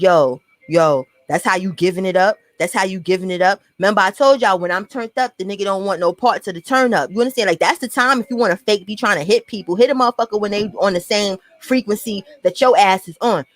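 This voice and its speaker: A young woman with a New York accent telling a profane, animated storytime and acting out what people said. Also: medium pitch. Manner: profane, animated, acts out quotes. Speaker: storyteller vlogger. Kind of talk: casual storytime monologue.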